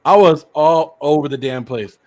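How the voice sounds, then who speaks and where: Excited sick-sounding man, fairly high voice. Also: moderate pace. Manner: excited, rambling, laughs often. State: sick, hoarse. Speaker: host. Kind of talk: casual livestream chat.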